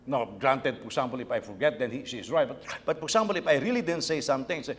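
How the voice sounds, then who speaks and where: A man's voice: medium pitch, fast, few pauses, husky. A middle-aged male pastor giving a conversational sermon, repeating words as he tells stories about his family. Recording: long reverb of a church hall.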